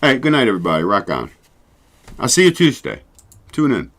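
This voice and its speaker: A man's voice: fairly low pitch, wildly swooping pitch, a little fast, a bit bright. A man hosting his own show, chatting casually and rambling, swearing freely and laughing often. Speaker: show host. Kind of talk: casual solo livestream chat.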